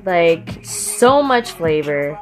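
Slow-talking young woman joking profanely. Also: fairly low pitch, sing-song, soft background music. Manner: profane, joking, laughs often, many fillers. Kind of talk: casual comic monologue.

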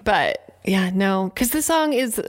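A woman's voice: medium pitch, expressive, slow. A woman co-hosting a casual music podcast, giving blunt, dry opinions. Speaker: podcast co-host.

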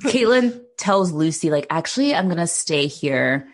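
Husky woman recapping with lively pitch. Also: moderate pace. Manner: laughing, swearing, acting out characters. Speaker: podcast co-host. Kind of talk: casual chat recapping a TV episode.

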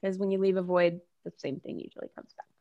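A woman hosting a casual conversation, animated and chatty, laughing easily and leaning on "like" as a filler. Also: fairly low pitch, quick pace, muffled recording. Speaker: podcast host.

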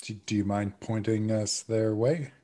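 A man's voice: lowish voice, steady tone, measured pace, mellow. A man playing a tabletop role-playing game with wry, joking remarks. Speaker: player.

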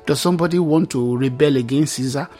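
A man's voice: on the high side, brisk, warm tone, soft background music. A man preaching a Bible teaching sermon, reading scripture aloud and explaining it with emphatic repetition.

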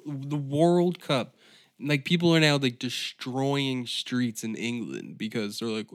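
A man's voice: mid-range voice, animated, measured pace. A man hosting a comedy podcast, ranting sardonically with heavy profanity.

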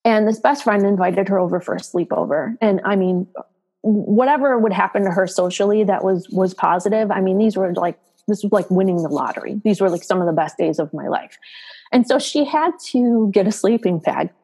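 Middle-aged woman, tearful, emotional storytelling guest; jumps up in pitch for quoted lines. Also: a little fast, a little mellow, slightly rough, rough recording. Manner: emotional, acts out quoted dialogue with raised pitch. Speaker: guest, mother and advocate. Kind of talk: personal storytelling in an interview.

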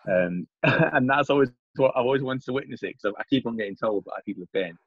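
A man's voice: medium pitch, fast, slightly rough, dry recording, muffled recording. A middle-aged English man in casual chat, rambling with many restarts and repeats. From England. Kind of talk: casual chat over a call.

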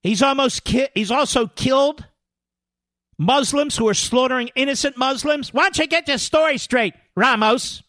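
A man's voice: extremely high pitch, moderate pace, fairly bright tone, no room sound, studio quality. A man hosting a political talk radio show, combative and sarcastic, mocking his targets as he talks.

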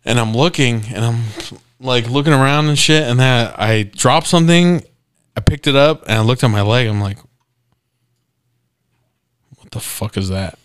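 A man co-hosting a casual podcast tells a crude story, slipping in quoted lines of dialogue as he goes. His voice is bright and smooth, and the sound is dry and close. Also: mid-range voice, normal speed, dry recording. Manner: profane, animated storytelling with acted-out quotes. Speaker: podcast co-host.

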